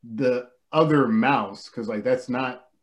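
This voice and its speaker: A man co-hosting a relaxed film podcast. He rambles and hesitates as he goes, restarting his thoughts. His voice sits at an ordinary middle pitch. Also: takes it slowly. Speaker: podcast co-host. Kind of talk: casual film discussion.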